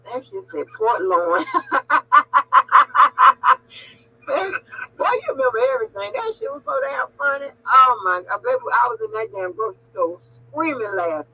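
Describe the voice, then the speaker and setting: Animated laughing woman, lo-fi. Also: fairly high pitch, normal speed, breathy edge. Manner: animated, laughing, loud storyteller who calls people honey and baby. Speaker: channel host on a phone call. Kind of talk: casual phone chat, storytelling. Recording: lo-fi audio.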